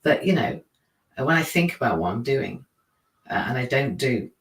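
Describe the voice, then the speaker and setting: A man's voice: mid-range voice, very animated, normal speed, a bit bright. Rambling man in a roomy echo. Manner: rambling, self-deprecating, laughs often. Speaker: live stream host; teacher. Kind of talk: casual live-stream monologue. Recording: roomy, from a distance.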